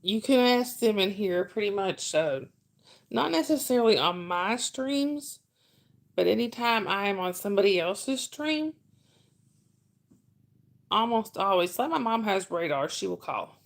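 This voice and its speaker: Middle-aged woman streamer with a gravelly voice and a mid pitch, reading chat and telling rambling stories. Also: very animated, a little slow. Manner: rambling storyteller who reads chat names aloud. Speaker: livestream host reading chat. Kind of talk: casual livestream chat.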